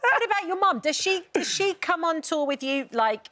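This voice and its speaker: A woman's voice: very high-pitched, lively intonation, normal speed, bright, forceful tone, slight background noise. A woman co-hosting a TV chat, upbeat and encouraging with her guest. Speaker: TV show co-host. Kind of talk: casual interview chat.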